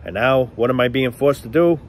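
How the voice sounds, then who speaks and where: A man's voice: mid-range voice, a little fast, a little hiss or hum. Blunt, cursing man ranting sarcastically. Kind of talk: casual rant to camera.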